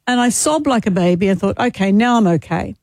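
A radio co-host in her sixties, grieving and close to tears, talking in a halting, emotional way with many restarts. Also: mid-range voice, animated, a little mellow, no room sound. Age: 60s. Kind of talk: casual radio chat.

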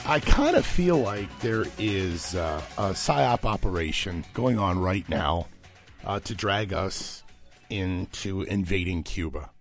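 Gravelly, animated male radio host. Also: sits low, takes it slowly, faint music behind. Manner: conversational, many filler uhs, incredulous outbursts. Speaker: radio talk show host. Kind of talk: talk radio monologue.

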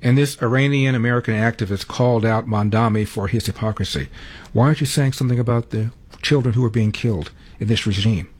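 A man presenting the news, introducing clips in a brisk teaser style. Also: on the low side, a little mellow, slightly rough. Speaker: news host.

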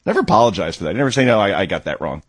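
A male talk show host giving sarcastic, animated political commentary. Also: deep voice, rapid-fire, breathy edge, dry recording, studio quality.

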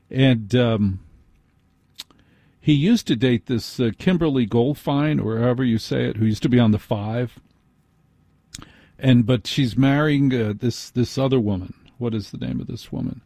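A man's voice: mid-range voice, warm tone, breathy edge, no echo, clean studio sound. A man hosting a radio talk show, rambling wryly and stumbling over names in a casual monologue.

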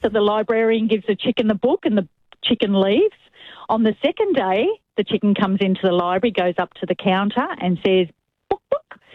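A woman on a thin, tinny phone line tells a long joke at an even pace. Her storytelling is calm and steady, with a dry sound. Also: medium pitch, brisk, dry recording. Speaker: caller. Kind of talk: telling a long joke on air.

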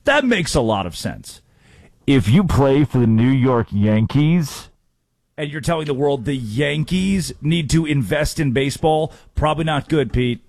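A sports talk host speaks in a brisk, wry manner and keeps the conversation moving. His voice sits in a mid range, recorded dry and close. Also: medium pitch, sing-song, darkish tone, no room sound.

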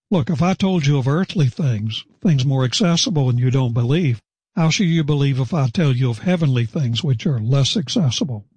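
Male preacher, husky tone, dry close sound, measured sermon delivery with emphatic quotes. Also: mid-range voice, animated, darkish tone, no room sound. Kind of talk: expository sermon.

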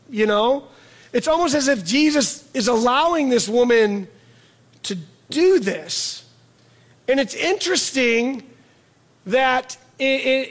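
A middle-aged man preaching a sermon in a conversational way, repeating words for emphasis and slowing down on key words. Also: very high voice. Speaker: pastor.

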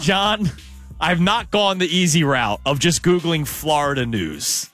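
A chatty male host on a sports talk show, easygoing and quick to laugh. His voice sits a little higher than most men's, and faint music plays behind him. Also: lively intonation, fairly bright tone.

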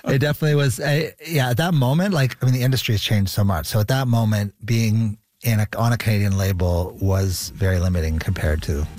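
Male musician guest, fairly low voice, easygoing and agreeable, dry recording. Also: steady tone, brisk, few pauses, a little mellow, no echo. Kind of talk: interview conversation.

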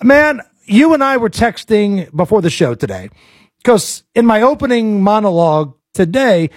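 An American man hosts a casual political talk show, blunt and animated as he presses his guest with pointed questions. His voice sits high and moves at a normal speed, recorded in clean studio sound with no echo.

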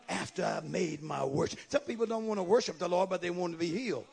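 A man preaching with a strikingly high, gravelly and husky voice. He delivers a fervent sermon, dropping to hushed asides and then rising to emphatic shouts. He calls out to his congregation as he preaches. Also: brisk, hardly any pauses. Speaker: pastor.

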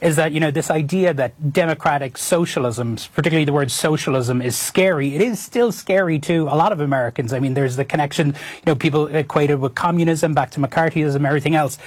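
A man answering as a TV news reporter in an interview, measured and hesitant with ums. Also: fairly high pitch, husky, no room sound.

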